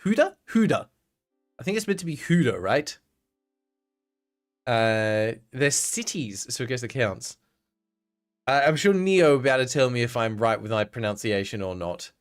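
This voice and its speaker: A man's voice: medium pitch, big pitch swings, normal speed, long pauses, faint music behind. An Australian man chatting casually on a live stream, laughing often and answering his chat.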